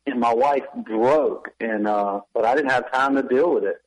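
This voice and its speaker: A pastor and author, speaking at medium pitch and a normal pace, tells a candid, confessional personal story during a radio interview. He laces it with wry, self-deprecating humor, and the recording quality is low.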